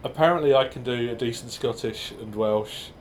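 Chatty self-deprecating man, mid pitch. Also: a little hiss or hum. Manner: chatty, self-deprecating, fast bursts with restarts. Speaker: improv performer guest. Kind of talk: casual interview chat.

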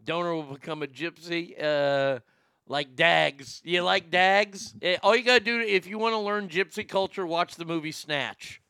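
A man's voice: on the high side, moderate pace, few pauses, sharp tone, clear, resonant tone, dry recording. A man co-hosting a podcast, rambling through news stories in crude, profane, casual commentary. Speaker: podcast co-host.

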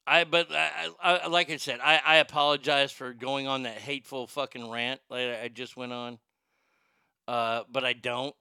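A man's voice: mid-range voice, little pitch movement, normal speed, vocal fry, sharp tone, clear, resonant tone, no room sound, studio quality. A man hosting a call-in show, ranting heatedly with lots of swearing and stammered restarts. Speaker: podcast host.

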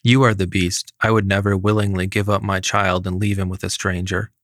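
A man's voice: low voice, flat delivery, a little fast, a bit bright, no echo, studio quality. A man reading a fairy tale aloud, voicing a fierce, protective young mother who speaks defiantly. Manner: defiant, demanding.

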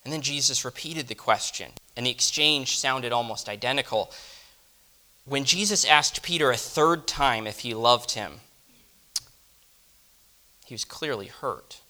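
Guy with a bright clear voice doing a first-person story monologue, reflective, goes quiet and hushed a lot. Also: medium pitch, unhurried, pauses often. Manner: reflective, dropping to hushed tones.

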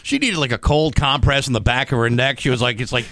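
A man's voice: mid-range voice, fast talker, a bit bright, no echo, clean studio sound. A man from Massachusetts co-hosting a radio show, telling easygoing stories. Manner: anecdotal, easygoing. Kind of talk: casual radio banter.

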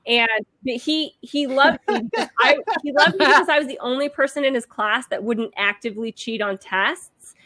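Female podcast co-host, casual and chatty, slightly high, bright tone. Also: moderate pace, few pauses. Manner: reads listener letters, chatty with many fillers. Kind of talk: casual chat.

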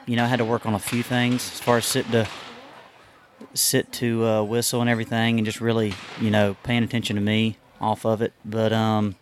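A man chatting in a relaxed way about his experience working his own dog. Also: on the low side, fairly quick, slight background noise. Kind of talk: casual chat.

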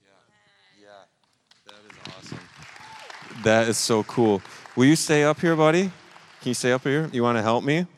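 A man's voice: medium pitch, moderate pace, long pauses, a faint crowd, a little hiss or hum. A man leading a live church service, encouraging and upbeat, talking with plenty of fillers. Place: church sanctuary.

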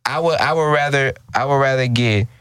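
A man's voice: medium pitch, brisk, a bit bright, clean tone, no room sound, studio quality. A man co-hosting a podcast, talking bluntly and casually and restarting his sentences often. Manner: blunt, conversational, with frequent restarts. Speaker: podcast co-host.

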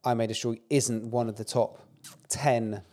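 A man's voice: medium pitch, steady tone, mellow. A young man, chatting on a podcast as co-host, swearing and hammering his points home with repetition. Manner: very fast, emphatic, swearing, repeats points. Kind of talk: casual podcast chat.

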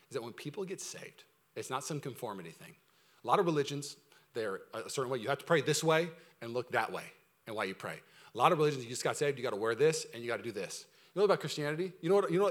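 An energetic male pastor preaching a sermon at a rapid clip. His voice sits high for a man and rings bright and forceful. He swings from loud, urgent preaching to quiet, intimate asides.

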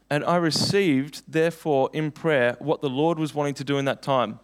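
A man's voice: a little high, steady tone, unhurried, clear, resonant tone. A young man preaching a sermon, telling personal stories in an earnest, conversational way.

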